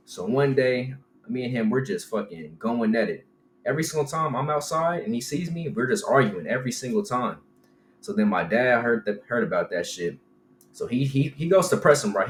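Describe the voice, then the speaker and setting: A young man casually telling a storytime, animated and profane, tossing in "right?" and "bro" constantly. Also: mid-range voice. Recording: roomy room with faint background hum.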